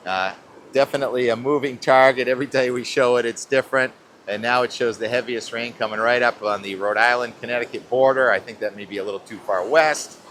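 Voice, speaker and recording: Outdoors at a beach, a man talks casually through a weather forecast on a live show, chatty and rambling, breaking off mid-thought. His medium-pitched voice is fairly bright, with a little hiss or hum.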